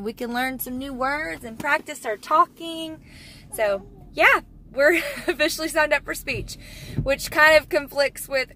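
A young mother talks chattily and brightly through a casual family vlog, her voice sitting a little on the high side. She slips into a sing-song lilt whenever she speaks to her kids, and a faint hiss of noise runs under the recording.

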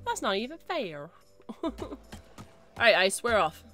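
A woman live-streams a game, chattering and reacting, rushing through repeated phrases and shrieking when things go wrong. Her mid-range voice is bright and forceful, slow, with big pitch swings, and faint music plays behind her.

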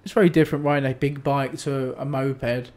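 A man, co-hosting a podcast and telling animated stories in casual chat. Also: medium pitch, a little fast. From England. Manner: chatty storyteller, animated, restarts often. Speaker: podcast co-host.

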